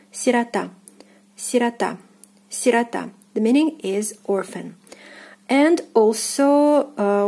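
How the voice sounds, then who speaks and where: Russian woman language teacher, Russian accent, unhurried, mellow tone, patient drilling. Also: mid-range voice. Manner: patient, repeats words slowly, hesitant fillers. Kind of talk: pronunciation lesson.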